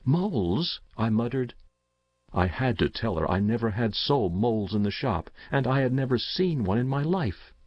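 A man narrating a first-person story in a measured, somber, literary way. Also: medium pitch, lively intonation, no room sound. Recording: dull, dry lo-fi recording.

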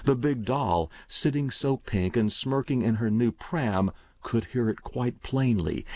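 Slow, gravelly male storyteller. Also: medium pitch, no echo, dull audio. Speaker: narrator. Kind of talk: reading a short story aloud.

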